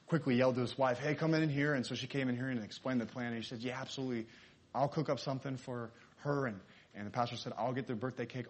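A man at a middle pitch preaches through a story. He voices each character's lines as he tells it, in a sermon style.

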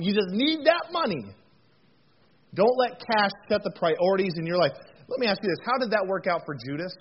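A man's voice: high voice, slight background noise. A man preaching a sermon as pastor, earnest and folksy, often repeating words and stumbling into joking asides. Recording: muffled lo-fi recording.

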